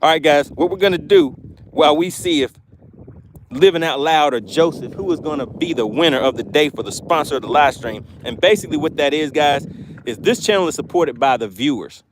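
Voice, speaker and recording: Lively, excitable fishing host reading chat. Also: male voice, on the high side, brisk, noisy background. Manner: playful, excitable, laughs often. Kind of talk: live-stream chat reading while fishing. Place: outdoors at a fishing spot.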